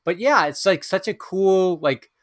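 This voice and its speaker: Halting man in casual podcast chat. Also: high-pitched, animated, a bit bright, no room sound. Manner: halting, many filler pauses. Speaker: podcast co-host.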